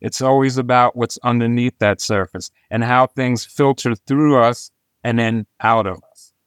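A man spins a story for an interview, lively and expressive, acting out each bit of dialogue. His voice sits in an ordinary middle pitch. The recording is dry and close, with no room sound. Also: unhurried, smooth, dry recording. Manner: animated storyteller who acts out quoted dialogue. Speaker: illustrator, interview guest. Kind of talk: storytelling in conversation.

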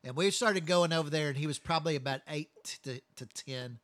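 A man's voice: on the high side, a little fast, fairly bright tone, no echo. A man telling long, profane stories from his work as a first responder in a casual chat. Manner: profane, rambling, blunt.

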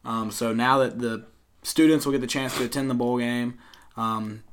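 A man's voice: mid-range voice, fairly even intonation, moderate pace, smooth. A young man from Tennessee co-hosting a casual sports podcast, rambling with many fillers. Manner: rambling, many fillers, mock-yells impressions. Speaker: podcast co-host.

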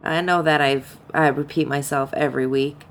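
A woman's voice: low voice, steady tone, moderate pace. A woman co-hosting a casual podcast, rambling with many ums and uhs. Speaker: podcast co-host.

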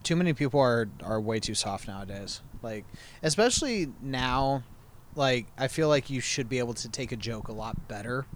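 A man in his thirties trading relaxed, profane banter in a casual chat. His voice sits at an everyday middle pitch. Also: moderate pace, a little hiss or hum.

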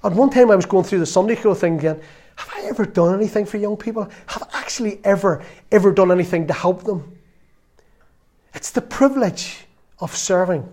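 A man in his fifties delivers an earnest, conversational sermon in a slightly high voice. He talks plainly to his listeners and sometimes drops to a quiet, confessional tone. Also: fairly quick. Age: 50s. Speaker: preacher.

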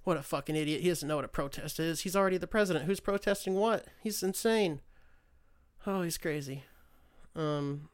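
A man's voice: fairly high pitch, a little fast. Sarcastic, rambling podcast host man. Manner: loses his train of thought, restarts often. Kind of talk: casual solo political rant.

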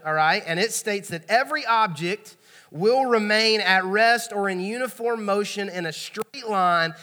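A man's voice: sits high, bright, forceful tone. A man preaching a sermon in a church auditorium, talking to the congregation in a conversational way and asking them for responses. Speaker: pastor. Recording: long hall reverb.

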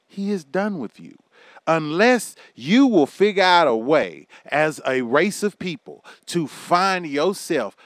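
A man with a high, smooth, resonant voice rants with heavy profanity and big swings in energy. The sound is dry and close, with no room around it. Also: no echo. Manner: loud, profane, animated ranting with laughs. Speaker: commentary vlogger. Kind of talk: profane rant to camera.

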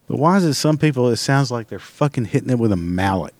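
A man rants with comic exasperation, cursing nonstop and bursting into loud, high-pitched outbursts. His voice sits at an ordinary middle pitch. It is recorded dry and close, with no room sound. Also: no room sound. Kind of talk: profane comedic rant.

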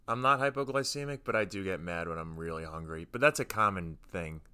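A man's voice: low-pitched, animated, fairly quick, pushed and bright, smooth, no room sound. A man in his twenties co-hosting a casual podcast, telling self-deprecating stories. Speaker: podcast co-host. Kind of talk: casual chat.

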